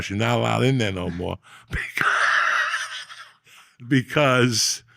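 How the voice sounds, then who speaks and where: Gravelly profane male storyteller. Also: mid-range voice, dry recording, clean studio sound. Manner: profane, animated street storyteller. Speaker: podcast host. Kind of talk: casual storytelling.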